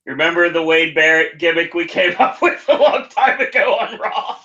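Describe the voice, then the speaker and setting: A man co-hosting a podcast in casual, laughing banter. His voice is bright and a little high, heard through dull, lo-fi audio. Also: expressive, moderate pace. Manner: laughs often, joins in the banter. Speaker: podcast co-host. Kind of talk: casual chat.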